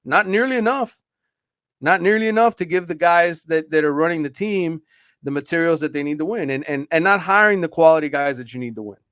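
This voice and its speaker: A man's voice: a little high, a little fast, fairly bright tone, smooth, no room sound, clean studio sound. A man, a sports reporter guest on a radio show, talking in casual conversation with stammered restarts and a reassuring tone. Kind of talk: casual interview chat.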